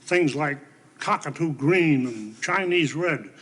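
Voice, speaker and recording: A husky, wry old grandfather. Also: a little high, expressive, slow pace, fairly bright tone, full character voice. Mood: musing. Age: older. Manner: wry, dry and understated. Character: dry-witted old grandfather, wry and plain. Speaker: soap opera character. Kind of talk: 1970s TV soap opera acting.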